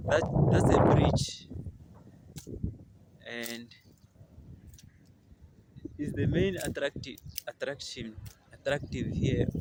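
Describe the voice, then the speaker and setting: A man's voice: mid-range voice, slow, pauses often. A man from Namibia, rambling cheerfully to the camera outdoors as a vlogger, laughing often. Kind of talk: casual walking vlog. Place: outdoors, open rural land. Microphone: handheld camera. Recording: heavy wind noise on mic.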